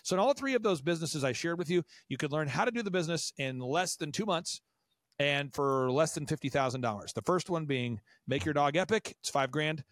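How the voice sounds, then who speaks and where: An American man in his forties, talking fast and animatedly as he gives business advice. His voice sits a bit high for a man and is recorded very dry, with no room sound behind it. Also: dry recording. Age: 40s. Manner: animated, acts out quoted voices. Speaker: podcast guest. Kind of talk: enthusiastic business advice talk.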